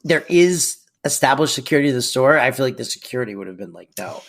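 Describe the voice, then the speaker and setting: A podcast co-host chatting through a TV episode recap. The voice swings widely in pitch and keeps up wry, joking asides with plenty of laughs. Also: animated, fast. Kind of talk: casual recap chat.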